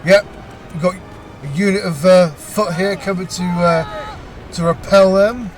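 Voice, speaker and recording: A man casually commentating a video game battle, talking haltingly with frequent pauses and restarts and a lightly amused tone. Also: sits high, fairly even intonation, faint music behind, a faint crowd. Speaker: gameplay commentator.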